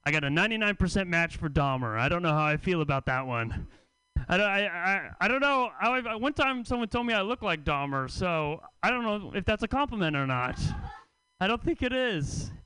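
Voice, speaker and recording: A man hosting a comedy festival and doing a stand-up set, deadpan and teasing, with stammered restarts. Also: sits high, brisk, smooth, no echo, low-quality recording. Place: comedy club stage.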